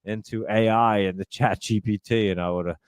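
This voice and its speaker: Low, smooth-voiced male stream host. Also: steady tone, normal speed, no room sound, studio quality. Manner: loose and rambling, reads out viewer comments. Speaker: live stream host answering viewer chat. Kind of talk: casual live stream chat.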